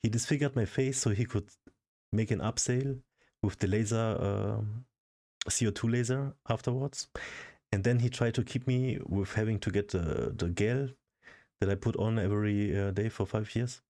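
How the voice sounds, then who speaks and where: Low-voiced man ranting casually. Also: normal speed, warm tone. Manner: frustrated, profane ranting. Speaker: vlogger.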